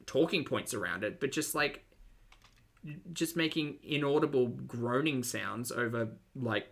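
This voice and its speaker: Gravelly, bright sarcastic host. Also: medium pitch, a little slow. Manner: dry, mocking and sarcastic. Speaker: commentary channel host reacting to videos. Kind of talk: sarcastic reaction commentary.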